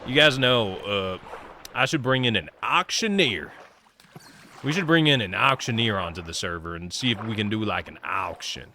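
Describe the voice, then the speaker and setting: A man's voice: lowish voice, lively intonation, moderate pace, pushed and bright, a little hiss or hum. A young man from Nebraska streaming a game, rambling casually and answering chat as he plays. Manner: rambling, chatty, reads chat aloud. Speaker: livestreamer. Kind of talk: casual chat while gaming.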